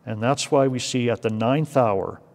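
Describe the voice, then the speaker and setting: A man's voice: mid-range voice, moderate pace. A man leading a Bible study in a church, explaining scripture in an emphatic teaching manner and often checking in with "right?" and "okay?". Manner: explanatory, stressing words, frequent "right?" and "okay?". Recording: church hall reverb.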